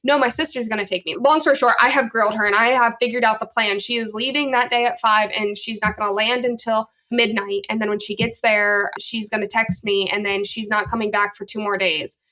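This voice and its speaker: A woman's voice: fairly high pitch, brisk, few pauses. A woman from the northern United States, a podcast guest telling a story casually and acting out the lines she quotes. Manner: animated, acts out quoted dialogue.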